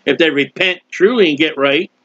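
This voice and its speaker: A man's voice: fairly high pitch, normal speed, a bit bright, dry recording. A male preacher giving an impassioned sermon and acting out prayers, in a dull lo-fi recording. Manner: impassioned, acts out prayers and quotes.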